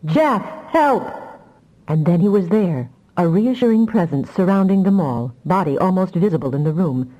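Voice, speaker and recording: A woman narrating a fantasy audiobook with expressive storytelling. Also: lowish voice, a little fast, few pauses, muffled recording.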